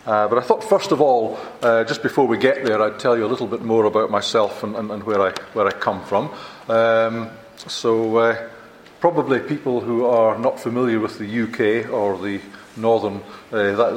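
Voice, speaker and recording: An older man with a Scottish accent giving a chatty, self-deprecating conference talk, halting and restarting as he goes. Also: lowish voice, roomy sound. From Scotland. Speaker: visiting university lecturer. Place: large lecture hall.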